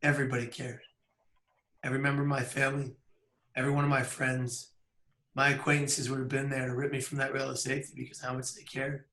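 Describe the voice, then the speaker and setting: A man in his thirties telling a personal story on camera in an earnest, measured way with pauses. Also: mid-range voice, level tone, sharp tone, roomy sound. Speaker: public speaker. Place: outdoors by a bridge.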